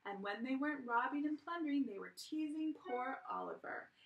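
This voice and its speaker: Woman teacher reading a kids story, lively, echoey room. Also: high voice, normal speed, lo-fi sound. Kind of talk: children's story read-aloud. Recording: roomy, from a distance.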